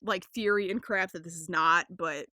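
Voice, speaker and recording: A young woman hosting a casual podcast, rambling with lots of fillers, swearing freely and getting excited. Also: fairly low pitch, moderate pace, no echo, studio quality. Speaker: podcast host.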